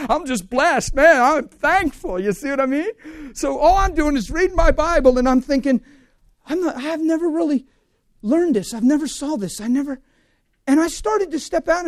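High voiced guy preaching, super animated, laughs a lot, dry close sound. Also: dry recording. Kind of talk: sermon.

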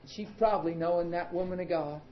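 A man preaches with animated emphasis and calls out to his listeners in a fairly high voice. The recording is muffled and echoes through a large room. A faint hiss sits underneath. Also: fast talker. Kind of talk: sermon.

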